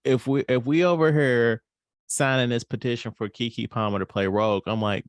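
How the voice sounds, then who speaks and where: Guy with a lowish voice, laid back and joking around, dry close sound. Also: a little fast, no echo. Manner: relaxed, playful, acts out quotes. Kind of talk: casual chat.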